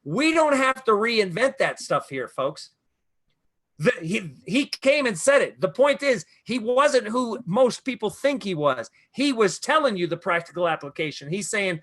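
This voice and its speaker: A man giving a guest's spiritual talk, lecturing emphatically and slowing down on key words. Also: sits high, big pitch swings, fairly bright tone. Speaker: guest speaker.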